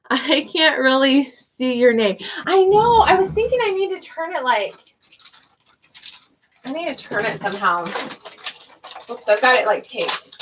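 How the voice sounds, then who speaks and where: A woman's voice: high-pitched, a bit bright. A young woman, an online English teacher, chatting casually on a livestream and thinking aloud with frequent laughs.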